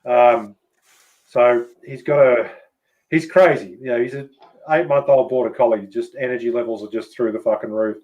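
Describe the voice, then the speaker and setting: A man with an Australian accent chatting casually as host, relaxed and swearing freely. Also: medium pitch, normal speed, phone-quality sound. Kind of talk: casual chat.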